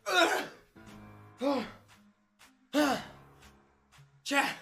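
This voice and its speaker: A man putting on a shrill, whiny voice, screeching in a rage. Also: lively intonation, very slow, gravelly, bright, forceful tone, echoey room, soft background music, heavily acted. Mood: furious whiny.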